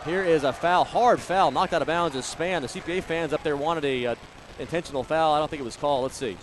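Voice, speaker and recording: Male play-by-play announcer, fairly high voice, brisk game calling, gym noise underneath. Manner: rapid running commentary, bursts of excitement on big plays. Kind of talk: live basketball play-by-play commentary.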